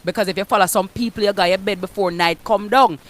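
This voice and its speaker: A Jamaican radio host giving forceful motivational talk, dropping into patois. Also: female voice, medium pitch, fairly even intonation, quick pace. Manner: forceful, emphatic, mixes patois into her speech. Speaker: radio host, guest speaker. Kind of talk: motivational preaching.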